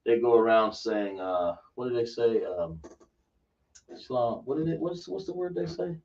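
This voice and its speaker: A man's voice: mid-range voice, animated, normal speed, vocal fry, a little mellow. Man quizzing a class. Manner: emphatic, quizzing listeners with rhetorical questions. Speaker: religious instructor. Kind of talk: religious class lecture. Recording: dull, distant lo-fi recording.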